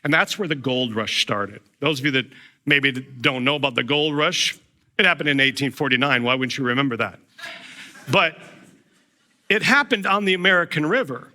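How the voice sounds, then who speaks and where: A man's voice: mid-range voice, expressive, moderate pace, pushed and bright. A middle-aged man preaching a sermon as a pastor, telling a personal story in a conversational way with frequent restarts.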